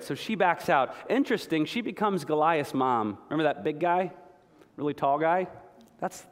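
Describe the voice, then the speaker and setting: A man's voice: on the high side, animated, normal speed, in a large hall. A middle-aged man preaching a sermon as a pastor, earnest, often repeating words as he talks. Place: church hall.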